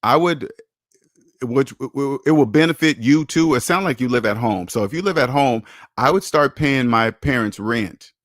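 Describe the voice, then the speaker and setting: A man's voice: medium pitch, normal speed, dry recording, studio quality. A man hosting a live finance Q&A, lecturing bluntly, swearing for emphasis and repeating his points. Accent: American English. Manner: repeats himself, rises sharply when mocking. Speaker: personal finance show host. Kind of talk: live Q&A stream, answering chat.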